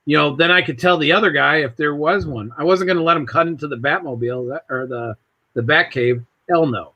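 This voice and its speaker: Heard through a muffled recording, a man with a slightly high voice speaks a little fast. He's a podcast host on a casual talk show, spinning a rambling home-repair anecdote and performing the other people's voices.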